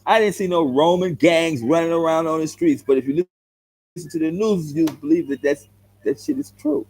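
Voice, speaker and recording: A middle-aged vlogger from South Central Los Angeles, with an LA accent, fires back at viewer comments straight into the camera in a heated, blunt rant. His voice is fairly high, expressive and a bit mellow at a moderate pace. He's confrontational, repeats himself, calls people "bro," and the recording quality is low.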